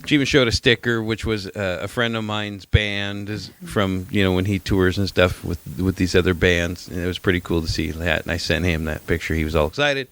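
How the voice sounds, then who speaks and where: A man's voice: low-pitched, a little fast, hardly any pauses, fairly bright tone, no echo. A middle-aged man co-hosting a podcast, telling a story in rambling casual chat, repeating himself and swearing now and then. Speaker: podcast co-host.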